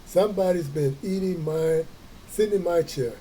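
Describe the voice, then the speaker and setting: A man's voice: a little high, moderate pace, warm tone, a little hiss or hum, close to an everyday voice, low-quality recording. A man voicing a great big, growling papa bear in a storybook reading. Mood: grumbling.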